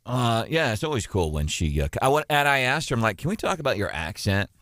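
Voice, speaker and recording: A man's voice: medium pitch, big pitch swings, fast talker, fairly bright tone, no echo, studio quality. A man hosting a morning radio talk show, chatting casually and telling stories with lots of filler words.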